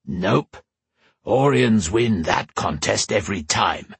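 A stubborn female dragon teases her rider in short, clipped replies, as a man puts her on. The voice stays husky and close, with a dry, close sound. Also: lowish voice, animated, slow, no room sound, heavily acted. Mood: teasing. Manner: teasing, terse.

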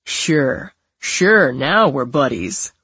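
A woman voicing a gruff grown man with a dry, wry way of talking. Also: a bass voice, expressive, extremely slow, fairly bright tone, no echo, full character voice.

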